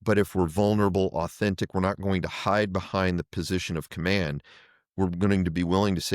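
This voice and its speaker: Man, middle-aged, very low pitch, dry close sound, earnest interview talk. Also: fairly even intonation, normal speed, dry recording. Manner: earnest, thoughtful, repeats words while searching for phrasing. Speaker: fire chief. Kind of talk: podcast interview.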